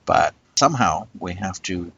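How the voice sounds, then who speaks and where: A man's voice: deep voice, expressive, moderate pace, creaky, a bit bright, slightly rough, muffled recording. A man in casual discussion who makes earnest, emphatic points. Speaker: co-host.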